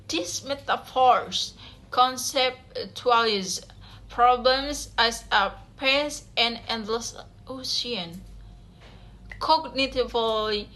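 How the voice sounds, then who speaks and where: A woman's voice: on the high side, sharp tone. A young woman, reading a class presentation aloud, carefully, with small slips and self-corrections. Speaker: student presenter.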